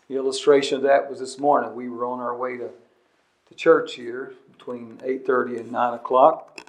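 Earnest man preaching with emphasis. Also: medium pitch. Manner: earnest, emphatic preaching with repetition, shifting between loud and quiet. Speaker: pastor. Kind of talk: sermon.

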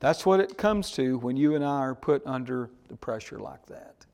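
A man preaching a sermon slowly and emphatically, pausing to ask his congregation "Amen?". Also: medium pitch, lively intonation, vocal fry, darkish tone. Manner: slow, emphatic preaching with call-and-response "Amen?". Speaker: pastor.

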